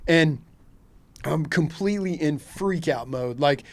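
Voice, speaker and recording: Animated middle-aged man telling a story. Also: a little high, a little slow. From Kentucky. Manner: animated, acts out his own reactions in quotes. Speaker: guest, shark fishing captain. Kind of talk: podcast storytelling.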